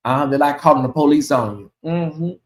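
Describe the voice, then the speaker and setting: Man hosting a livestream, chatty, animated, fairly high voice, roomy echo. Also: moderate pace. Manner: chatty, animated, reacts aloud to comments. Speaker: channel host. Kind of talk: casual livestream chat reading chat messages.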